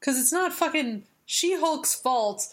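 A woman co-hosting a casual comic book podcast, animated and argumentative, swearing freely as she recaps a story. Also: high-pitched, takes it slowly. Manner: animated, swears freely, argues her point. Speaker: podcast co-host.

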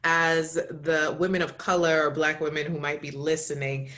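A woman's voice: deep voice, level tone, moderate pace, fairly bright tone. A woman dating-coach host interviewing a guest on a podcast, asking probing, encouraging questions.

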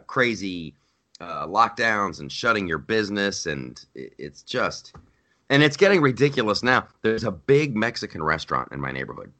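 A man co-hosting a podcast, telling stories in casual chat with loud, animated outbursts. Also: low-pitched. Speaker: podcast co-host. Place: lives in New York.

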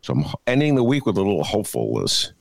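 Animated man hosting a talk show. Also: lowish voice, quick pace, gravelly, no room sound. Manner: jokey, rambling, animated. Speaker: podcast host. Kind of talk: casual political chat.

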